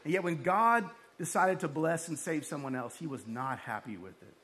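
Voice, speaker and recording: A male pastor preaching a lively sermon, with joking asides and acted-out quotes. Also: a little high, moderate pace.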